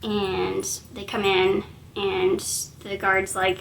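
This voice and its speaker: A woman's voice: medium pitch, monotone, slow pace, vocal fry, slight background noise. A woman casually retelling a story in a rambling, chatty way.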